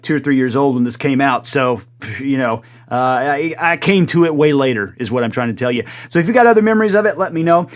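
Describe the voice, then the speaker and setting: A man in his forties hosts a music reaction video. His voice is fairly high for a man. He talks in an animated, excitable way and swears casually as he comments. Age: 40s.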